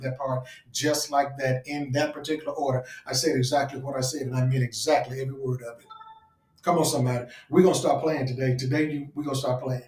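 A man's voice: mid-range voice, a little mellow. Fiery man preaching, far from the mic. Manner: call-and-response preaching, stretches key phrases slowly. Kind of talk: sermon. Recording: roomy sound, voice off-mic.

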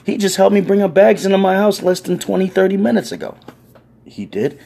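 A man's voice: high voice, sing-song, brisk, creaky, dark tone, breathy edge, voice pushed up, exaggerated voice. A man voicing a fierce elderly woman in her seventies with a cane, indignant and scolding, swearing as she talks.

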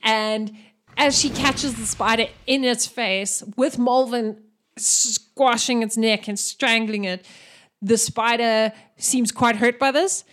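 A woman narrating a tabletop game as game master, animated and giggly. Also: on the high side, takes it slowly.

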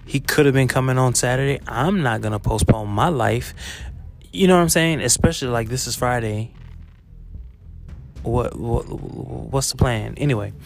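Gawędziarski mężczyzna z chrapliwym głosem. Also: male voice, medium pitch, a little hiss or hum. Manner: chatty storytelling, frequent fillers and laughs, swears freely. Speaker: teacher. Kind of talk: casual confessional monologue. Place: school, on a break.

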